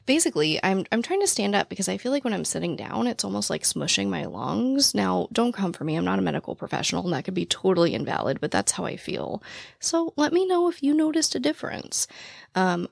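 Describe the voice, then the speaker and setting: A woman podcast host with a naturally raspy, gravelly voice, talking very fast and excitedly in casual chat, out of breath while standing at the mic. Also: medium pitch, dry recording, clean studio sound. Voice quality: naturally raspy voice with vocal fry. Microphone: studio microphone, standing while recording.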